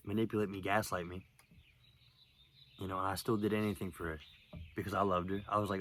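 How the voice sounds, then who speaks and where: A young man telling a personal story in a rambling, profane, halting way, with lots of fillers, outdoors. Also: lowish voice, fairly bright tone, slight background noise. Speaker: vlogger. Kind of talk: casual storytelling monologue.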